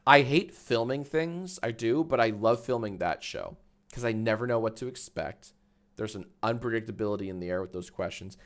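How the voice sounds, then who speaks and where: A man's voice: fairly low pitch, normal speed. A man chatting casually on a live stream, rambling and swearing as he reads out the chat.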